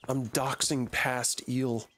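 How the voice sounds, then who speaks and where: A man's voice: medium pitch, level tone, slow, a bit bright, a little hiss or hum, rough recording. A young man streaming a game, rambling and joking with casual swearing. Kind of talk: casual gaming commentary.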